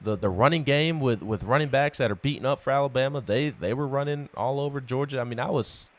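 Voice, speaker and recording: A man's voice: mid-range voice, brisk, dry recording. A man co-hosting a casual sports talk show, stuttering on word starts as he works up his opinions.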